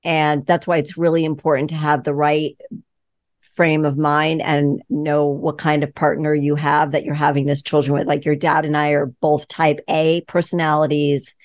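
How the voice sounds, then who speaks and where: Low-voiced woman in her sixties. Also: flat delivery, normal speed, no echo, studio quality. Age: 60s. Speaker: podcast host. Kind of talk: casual chat.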